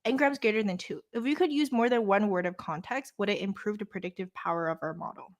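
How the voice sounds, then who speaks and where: A young woman hosting a casual livestream lesson, reading course text aloud and chatting playfully with her viewers. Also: medium pitch. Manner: playful, chatty, quick asides to chat. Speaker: host leading a live course walkthrough.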